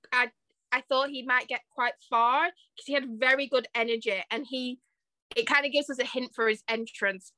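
A young woman co-hosting a podcast in casual chat, laughing often and filling pauses with ums. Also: high-pitched, sharp tone, no echo. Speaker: podcast co-host.

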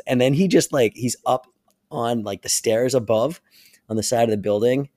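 A podcast co-host animatedly retells a story in casual conversation, laughing often. His medium-pitched voice moves at a normal speed, captured in a dry, studio-quality recording.

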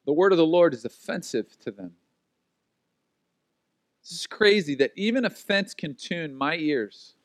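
Pastor, male, slightly high voice, animated storyteller who acts out quotes, dry close sound. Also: no echo. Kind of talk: sermon.

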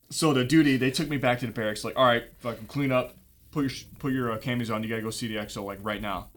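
A man's voice: lowish voice, fairly bright tone. A young man telling a long story in casual chat, swearing a lot and acting out what people said. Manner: profane, rambling, acts out dialogue.

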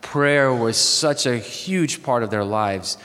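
A man's voice: medium pitch, slow, fairly bright tone, slight background noise. A man in his thirties from Ukraine with a Southern US accent, giving a chapel sermon in a joking, storytelling way. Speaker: chapel speaker. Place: university chapel. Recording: echoey hall.

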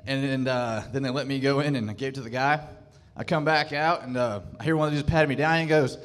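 A man's voice: medium pitch, steady tone, fast talker, few pauses, fairly bright tone. A man doing a stand-up set on a club stage, hesitant, full of stammered restarts. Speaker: stand-up comedian.

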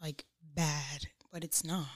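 A woman's voice: deep voice, flat delivery, slow, a crowd in the background. A young woman guest chatting on a podcast, blunt and passionate, dropping slang and curses. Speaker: guest artist. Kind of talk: casual podcast chat.

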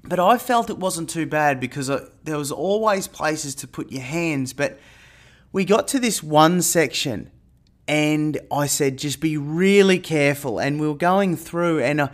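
Animated storytelling man, slightly high voice. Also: unhurried. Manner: animated retelling, rising loud when quoting panic. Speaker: airline pilot and marketer. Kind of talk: casual storytelling monologue.

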